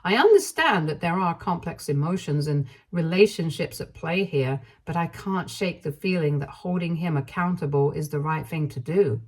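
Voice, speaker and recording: A woman reading a first-person story aloud in an even, measured narration style. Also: low-pitched.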